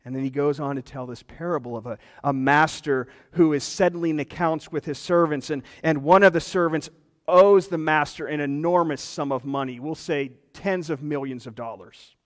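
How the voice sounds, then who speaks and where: Male pastor, earnest sermon delivery, slightly high voice, long hall echo. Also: moderate pace. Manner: earnest, emphatic preaching.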